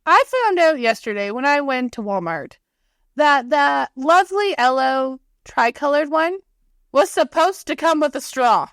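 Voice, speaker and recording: High-voiced, blunt joking woman. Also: animated, a little slow, fairly bright tone, no room sound, clean studio sound. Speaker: podcast co-host. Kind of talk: casual chat.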